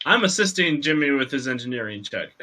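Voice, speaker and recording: A man's voice: mid-range voice, very animated, quick pace, sharp tone. A man playing in a tabletop game, bantering and joking in a laid-back way. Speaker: player. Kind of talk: casual tabletop game chat.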